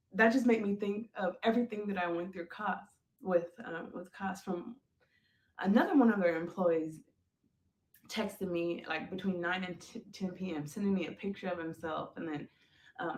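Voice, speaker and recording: A woman telling a personal story on a podcast, animated, calling her listeners folks and acting out the things people said. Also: fairly low pitch, slight background noise. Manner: animated, addresses listeners as folks, acts out quoted lines. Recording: roomy echo.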